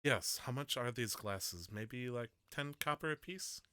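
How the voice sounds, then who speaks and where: A man playing a tabletop role-playing game, describing his character's actions in a playful, animated way. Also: medium pitch, unhurried, dry recording, studio quality. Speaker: player.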